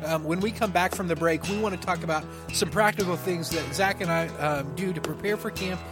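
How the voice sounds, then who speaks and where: Male podcast co-host, slightly high voice, music bed behind. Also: fairly quick. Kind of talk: casual chat.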